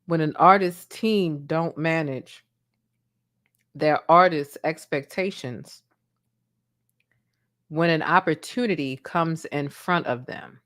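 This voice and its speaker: A woman's voice: low voice, slow pace, long pauses, fairly bright tone. A woman from Baltimore hosting a casual live-stream commentary, sassy and goofy, sleepy from being up before dawn.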